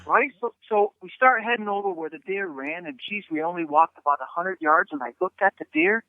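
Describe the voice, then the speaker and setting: A man telling a hunting story in an interview, animated, with many stammered restarts and a habit of asking "right?". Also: sits high, a little fast. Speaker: hunting guest. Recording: tinny phone line.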